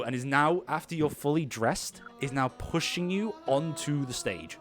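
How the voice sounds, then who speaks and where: A man's voice: on the high side, moderate pace, few pauses, fairly bright tone, soft background music. A man narrating as game master of an improvised tabletop game, rambling with many restarts. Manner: rambling, lots of fillers and restarts.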